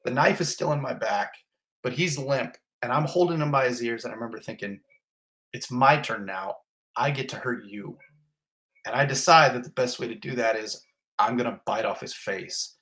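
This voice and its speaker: A middle-aged man tells a personal story on a podcast, building it up in short, repeated, graphic clauses. His voice sits at an ordinary middle pitch, and the delivery stays intense and vivid. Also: a little fast, fairly bright tone. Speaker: fire captain, guest.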